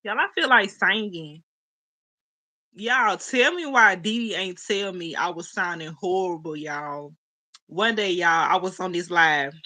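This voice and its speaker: Chatty young woman livestreaming, bright voice. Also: lowish voice, unhurried. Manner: chatty, laughs often, talks to chat as y'all. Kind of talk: casual livestream chat, reading comments.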